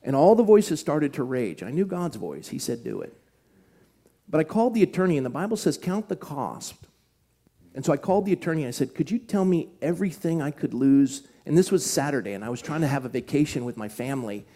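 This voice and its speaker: Male pastor, mellow tone, earnest sermon storytelling, slows to hushed emphasis for key points. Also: a little high. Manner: earnest, shifts from animated retelling to slow hushed emphasis. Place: church.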